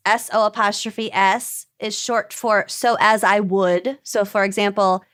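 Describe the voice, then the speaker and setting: A woman's voice: mid-range voice, little pitch movement, a little slow, hardly any pauses, fairly bright tone, clear, resonant tone. A woman co-hosting a casual podcast, playfully explaining regional slang words and acting out examples. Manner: playful, reads out regional vocab words and mimics them. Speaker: podcast co-host. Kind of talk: casual chat.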